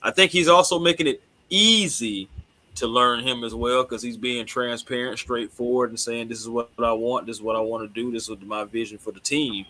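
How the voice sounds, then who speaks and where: A man's voice: medium pitch, steady tone, moderate pace, sharp tone, rough recording. A man, co-hosting a casual sports talk show in a laid-back, slangy way.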